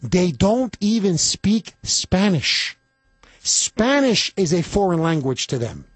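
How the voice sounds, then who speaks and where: A man hosts a talk radio show in an indignant, emphatic rant. His voice sits high and swoops widely, with a husky edge, recorded dry and close on a studio mic. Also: sing-song, slow, no echo. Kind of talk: political talk radio monologue. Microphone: studio microphone.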